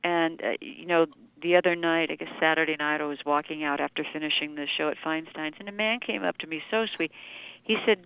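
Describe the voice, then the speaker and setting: Woman, chatty storyteller, smooth resonant voice, muffled lo-fi sound. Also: sits low, fairly even intonation, fairly quick, no room sound. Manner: chatty storyteller, many "you know" fillers. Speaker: singer, guest. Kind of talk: casual interview chat.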